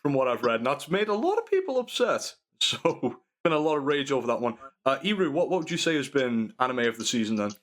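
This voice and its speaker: A man's voice: medium pitch, very animated, fast, few pauses, a bit bright. A man hosting a casual podcast, leading the talk in a rambling way with many fillers. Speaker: podcast host. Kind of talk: casual chat.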